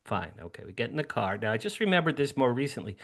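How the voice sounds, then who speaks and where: A man in his sixties from New Jersey, a guest telling a story in an interview over a video call at home, animated and acting out his younger self with sudden high bursts. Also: fast talker. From New Jersey, USA. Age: 60s. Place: home room with a drum set.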